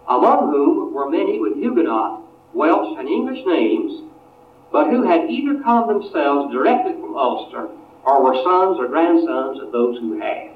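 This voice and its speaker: Guy lecturing, lively up-and-down voice, tinny far-off roomy recording. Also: on the high side. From Appalachia. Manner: unhurried, restarts phrases often. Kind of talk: history lecture.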